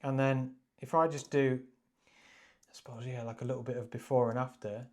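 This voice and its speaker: A man talking through a photo-editing tutorial over a screen recording, chatty and easily excited, with frequent ums. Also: medium pitch, brisk. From Wales. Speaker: photography YouTuber.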